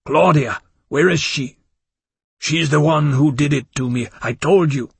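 A man voicing a weakened, desperate male vampire who pleads and rages in a thin, rasping voice. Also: medium pitch, lively intonation, slow pace, fairly bright tone, dry recording, full character voice. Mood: frantic.

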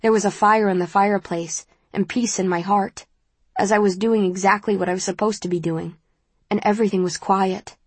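A woman reading a novel aloud in the first person, in a calm and measured way. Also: medium pitch, breathy edge, no room sound. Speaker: audiobook narrator.

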